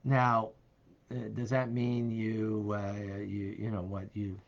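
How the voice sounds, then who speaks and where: A man teaching as a rabbi, answering a question casually with many fillers and soft laughs. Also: lowish voice, flat delivery, slow, vocal fry, lo-fi sound.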